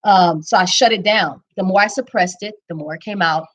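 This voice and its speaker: Woman, personal testimony, candid and reflective, lowish voice, loose unscripted delivery. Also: a little fast, fairly bright tone, rough recording. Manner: candid, reflective, frequent ums and restarts. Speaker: speaker sharing her story. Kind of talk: personal testimony, casual storytelling.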